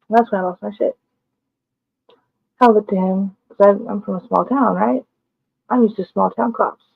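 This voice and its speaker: In a casual storytelling vlog, a woman speaks at a moderate pace in a steady, creaky, mid-range voice, pausing often. She is blunt, emphatic, and profane, and the recording is dry with a tinny, phone-like quality.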